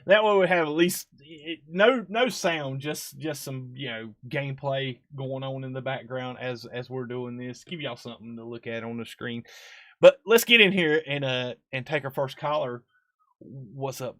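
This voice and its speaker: A man's voice: mid-range voice, moderate pace, a bit bright. A man, hosting a live stream in casual, rambling chat full of fillers and laughs.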